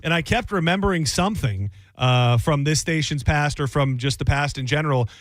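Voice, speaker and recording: A man in his late thirties co-hosting a radio talk show, rambling through his thoughts with restarts and fillers. His voice sits a bit high, and the studio sound is dry and close. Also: a little fast, no room sound. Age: late 30s. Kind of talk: casual radio chat.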